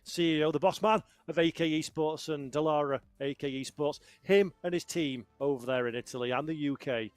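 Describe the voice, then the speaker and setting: A man's voice: fairly high pitch, clear, resonant tone, dry recording. Upbeat esports commentator, man. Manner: upbeat, brisk, hands off segments. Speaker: lead commentator.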